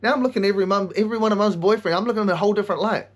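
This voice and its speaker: A man hosting a podcast, telling stories in an animated way, swearing a lot and often laughing. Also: high voice, rapid-fire. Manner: animated storytelling, heavy swearing, frequent laughter. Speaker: podcast host and counselor. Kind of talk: casual monologue.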